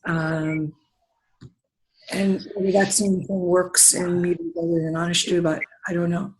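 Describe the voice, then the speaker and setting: Student asking the teacher a question, lots of ums, flat voice. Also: medium pitch, a little slow, a little hiss or hum, low-quality recording. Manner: hesitant, many fillers, thinking aloud.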